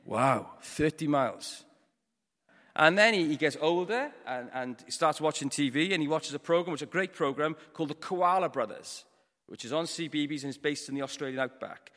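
A Welsh man giving a storytelling sermon, moving between hushed, quiet passages and loud, forceful ones. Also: on the high side, animated, fairly quick, in a large hall. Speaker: preacher. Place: church.

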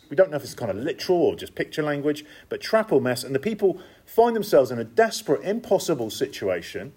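A man's voice: fairly high pitch, husky. A man preaching a sermon, emphatic and conversational, repeating key phrases and dropping in casual asides. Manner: lively, emphatic, repetitive cadence with conversational asides.

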